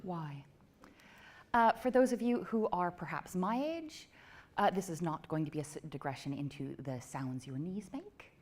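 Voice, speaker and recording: A woman giving a talk at a tech meetup, quick with self-mocking jokes and asides to the crowd. Her voice sits a little low but swings widely in pitch. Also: animated, darkish tone. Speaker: conference speaker. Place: event venue before a live audience.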